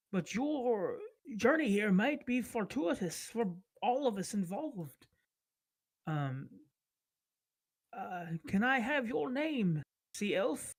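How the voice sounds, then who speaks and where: A man's voice: sits high, slightly rough, voice pushed up, full character voice. A man doing a polite, bookish lizardfolk scholar. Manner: slow, careful, courteous speech.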